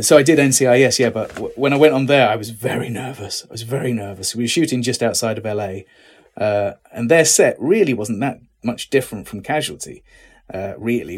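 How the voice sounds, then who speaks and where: Brief: middle-aged British man, low husky voice, relaxed interview guest. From Britain. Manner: relaxed, self-deprecating, many restarts. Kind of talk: casual interview chat.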